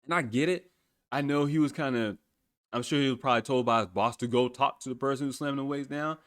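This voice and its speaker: A man in his thirties tells stories in a casual, colloquial chat, speaking fast with a medium-pitched voice. He's animated, laughs often, and drops the odd swear word.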